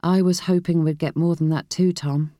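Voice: medium pitch, steady tone, normal speed, warm tone, dry recording, clean studio sound, close to an everyday voice. A reader voicing a shaken, weary woman investigator. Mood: strained.

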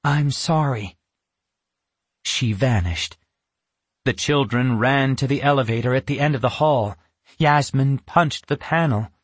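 Slow, measured male narrator, husky, dry sound. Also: medium pitch, dry recording. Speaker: audiobook narrator. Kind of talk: scripted narration.

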